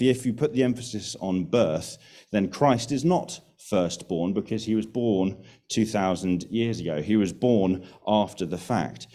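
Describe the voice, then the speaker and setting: Low, mellow-voiced male preacher. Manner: earnest, emphatic, repeats phrases for stress. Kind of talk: sermon.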